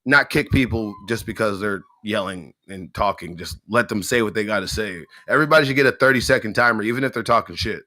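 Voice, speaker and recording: A man in a casual streamed chat, animated and often saying "like". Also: fairly low pitch, fast, few pauses, no echo. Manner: animated, says "like" a lot.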